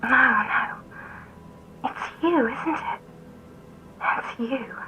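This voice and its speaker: A woman's voice: sits high, very slow, bright, forceful tone, a little hiss or hum, heavily acted. An actress voicing a sleepy, confused woman woken by a late phone call, plaintive and half-whispering. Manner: plaintive, drowsy, often whispered. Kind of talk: game voice acting.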